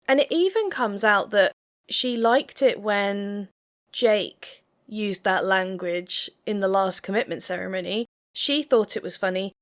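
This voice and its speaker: A woman co-hosts a casual reaction chat, weighing each point in a measured, analytical way. Her voice sits at a middle pitch. She laughs easily between points. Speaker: co-host of a reality show reaction podcast.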